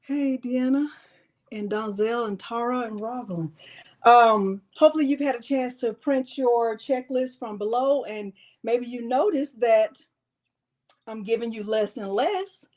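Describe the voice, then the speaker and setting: A woman's voice: on the high side, measured pace, a little mellow. Chatty woman hosting a craft live stream. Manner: chatty, greets viewers by name. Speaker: crafting tutorial host. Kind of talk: casual live-stream tutorial.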